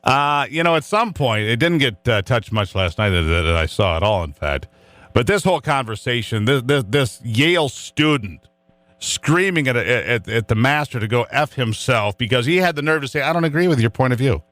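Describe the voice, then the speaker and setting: A middle-aged man delivers a fiery talk radio rant, hammering his points with repetition. His pitch swings widely as he presses each point. The sound is dry and close, with no room around him. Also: expressive, moderate pace, fairly bright tone, dry recording. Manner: fiery, emphatic, repetitive preaching. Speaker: radio talk show host. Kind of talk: opinionated talk radio monologue.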